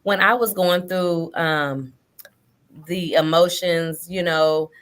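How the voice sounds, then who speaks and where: A woman guest author joins a casual interview over a video call, her voice a little low. She speaks hesitantly, filling pauses with "um" and "you know" as she gathers her thoughts. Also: steady tone, a bit bright.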